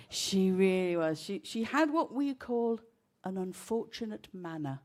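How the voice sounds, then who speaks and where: Between songs at an outdoor festival, a female singer-songwriter chats wryly with the crowd, telling self-deprecating stories as loud live music plays behind her. Her mid-range voice is expressive and slow, with hardly any pauses.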